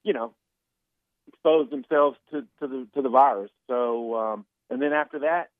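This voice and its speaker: A man talks sports over a thin, phone-line sound with a dry, close tone. His speech is relaxed and chatty, and he doubles up words as he goes. His pitch sits in the middle range. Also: normal speed, no room sound. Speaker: newspaper sportswriter calling in. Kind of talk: casual sports chat.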